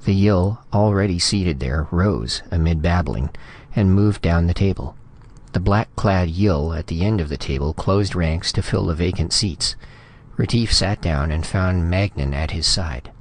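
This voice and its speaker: A man narrating a science fiction story in a steady, measured reading. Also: low voice. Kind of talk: scripted audiobook narration.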